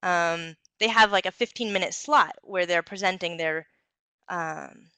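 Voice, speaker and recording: A young woman gives an instructional talk, clear and encouraging, with the occasional "um". Her voice is bright and crisp, recorded dry and close. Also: fairly low pitch, measured pace, dry recording. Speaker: presenter giving a talk on communication skills.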